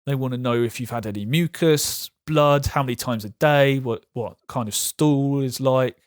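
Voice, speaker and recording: A man's voice: medium pitch, normal speed, clean tone, no echo, studio quality. A young man telling his own illness story frankly, laughing off the hard parts. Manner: frank and self-deprecating, laughs at hard moments. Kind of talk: candid personal storytelling.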